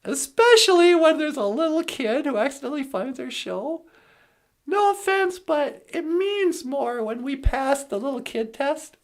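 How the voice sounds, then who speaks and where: Cast a playful, chatty woman as host with a high, unhurried voice. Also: expressive. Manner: chatty, playful, fond of fillers. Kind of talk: casual comedy show hosting.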